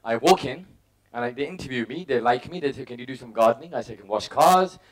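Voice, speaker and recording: A man's voice: medium pitch, expressive, fast. A middle-aged man giving a motivational talk, telling personal stories and acting out his own thoughts in short punchy bursts. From England. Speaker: motivational speaker.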